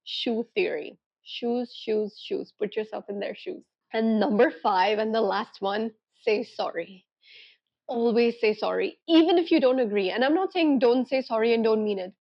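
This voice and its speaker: A woman's voice: on the high side, normal speed, muffled recording. A young woman, a relationship coach, giving earnest, emphatic advice to camera and acting out the thoughts she quotes. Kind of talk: direct-to-camera advice vlog.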